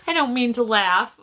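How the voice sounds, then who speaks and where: A psychic medium talks casually to a camera on a tripod during a livestream, her voice a little high, pushed and bright. She laughs a lot, apologizes repeatedly and wanders off topic easily.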